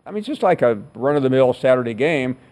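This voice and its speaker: Halting sports radio host, man. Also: medium pitch, animated, darkish tone. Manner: halting, many restarts, then cuts in to steer the talk.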